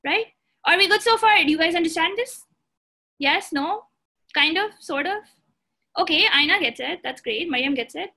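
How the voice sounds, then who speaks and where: A woman's voice: very high-pitched, expressive, normal speed, long pauses, bright, forceful tone. A woman teaching a beginner language lesson, patient, repeating points and checking that students follow. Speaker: language instructor.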